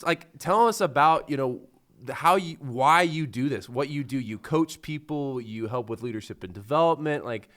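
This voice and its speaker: Male podcast host, casual chat, chatty animated storytelling, mid-range voice. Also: mid-range voice, normal speed.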